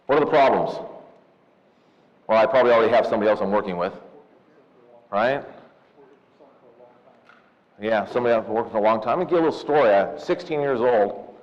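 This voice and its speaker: A man of about fifty from Southern California, giving a lively, jokey seminar talk and telling stories to loan officers, often calling them "you guys.". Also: lowish voice. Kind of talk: live seminar talk with personal storytelling. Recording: echoey hall, dull lo-fi sound.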